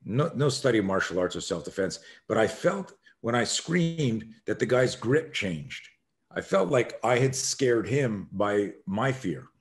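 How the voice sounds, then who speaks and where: A man's voice: lowish voice, sing-song, measured pace. A man, a self-defense expert, telling a story as a podcast guest and acting out the scenes with animation.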